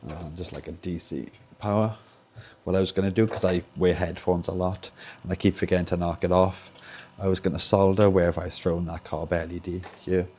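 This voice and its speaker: This young Welsh man has a low-pitched, steady voice with a Welsh accent, talking a little fast and sounding slightly mellow over a faint hiss or hum. He's livestreaming from his home workshop, chatting casually and rambling while he repairs game controllers at his soldering bench.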